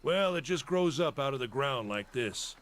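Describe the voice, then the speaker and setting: In video game dialogue, an actor voices a gruff, practical middle-aged caravan leader who delivers terse, matter-of-fact lines in a weathered, folksy drawl. The male voice is medium-pitched, expressive, fairly bright and close to an everyday voice, at a moderate pace.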